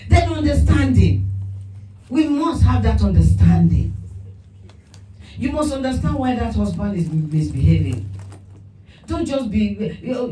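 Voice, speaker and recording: A woman preaching a sermon, lively and laughing between points, putting on quoted voices. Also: a little high, measured pace, long pauses. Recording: echoey room from far off with music.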